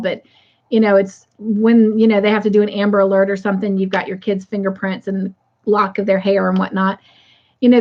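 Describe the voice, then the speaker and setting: A fairly high-voiced woman, chatting casually on a livestream as host. She rambles with lots of fillers and greets each viewer as she reads their comments aloud. The sound is muffled and lo-fi.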